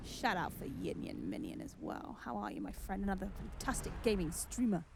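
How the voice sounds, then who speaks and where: A woman's voice: medium pitch, huge pitch swings, normal speed, vocal fry, few pauses, slight background noise. A woman streaming a video game, chatty and exclaiming, who mocks herself as she plays. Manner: chatty, exclaiming, self-mocking. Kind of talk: gaming stream commentary. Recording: game music behind.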